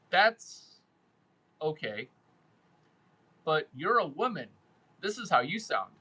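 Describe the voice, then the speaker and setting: Man, brash, crude, repetitive, unhurried pace, bright tone, casual monologue. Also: a little high, sing-song, slightly rough, poor audio. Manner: brash and crude, repeating phrases for emphasis. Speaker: host giving dating and sales advice.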